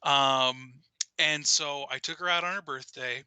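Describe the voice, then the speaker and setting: A man's voice: medium pitch, measured pace, sharp tone, smooth, no echo. A man in his thirties co-hosting a casual geeky stream, chatty and rambling, laughing often as he talks. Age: 30s. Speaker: podcast co-host. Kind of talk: casual chat.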